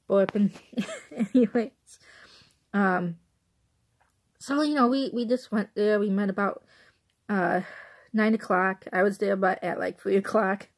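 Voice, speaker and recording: Talking casually into her phone, this young vlogger from suburban Chicago, Illinois, reviews a movie in a rambling, chatty way and laughs a lot. Her voice sits in the mid-range and sounds a little mellow.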